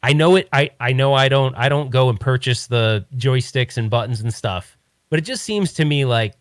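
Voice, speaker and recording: A man's voice: medium pitch, moderate pace, no room sound, studio quality. A man hosting a podcast, talking in a rambling, opinionated, casual way. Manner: rambling, opinionated, many restarts. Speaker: podcast host. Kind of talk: casual chat.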